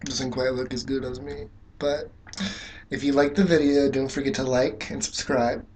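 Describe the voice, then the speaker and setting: A man talks casually to camera as he works on his makeup, rambling and leaning on filler words. His voice sits at an average pitch for a man. A faint hum of ambient noise stays underneath. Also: little pitch movement, moderate pace, darkish tone. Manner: rambling, filler-heavy, frank and profane. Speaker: makeup vlogger. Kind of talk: casual storytelling while doing makeup.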